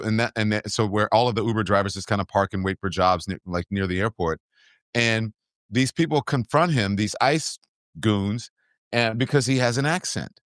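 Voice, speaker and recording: A man's voice: lowish voice, a bit bright, no room sound, clean studio sound. A man hosting a podcast in a casual political chat, telling stories with animation and acting out the quoted back-and-forth. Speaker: podcast host.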